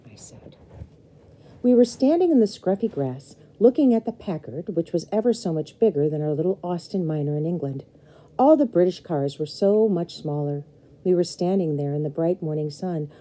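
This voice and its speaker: Husky, dark-toned woman reading to children. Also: sits low, normal speed, rough recording. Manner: expressive, talks to young listeners. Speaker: storybook reader. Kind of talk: reading a children's novel aloud.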